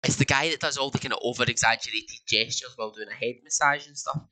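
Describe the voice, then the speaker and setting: A man's voice: mid-range voice, fast talker, sharp tone, low-quality recording. A young Scottish man co-hosting a casual podcast, rambling with many fillers and restarts. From Scotland. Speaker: podcast co-host. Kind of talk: casual chat.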